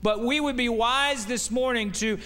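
Man, guest preacher, high voice, folksy conversational sermon, rhetorical questions, long reverb of a church hall. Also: moderate pace, bright, forceful tone. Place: church sanctuary.

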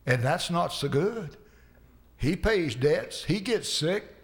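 A man's voice: on the high side, animated, slow pace, fairly bright tone. A male preacher giving a folksy sermon, repeating lines for emphasis.

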